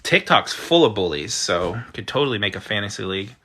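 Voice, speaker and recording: Bright-voiced man chatting on a livestream. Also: fairly low pitch, big pitch swings, brisk, slightly rough. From United States. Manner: chatty, reads out usernames and reacts. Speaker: livestream host. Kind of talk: casual chat reading viewer comments.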